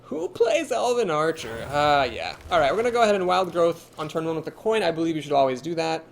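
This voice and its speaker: On a live stream, a young man from Ohio with an easy Midwestern accent talks through his card game moves at a quick clip. His somewhat high voice rises and falls in a lively lilt as he thinks aloud, reads chat, and chuckles readily, over a faint hiss.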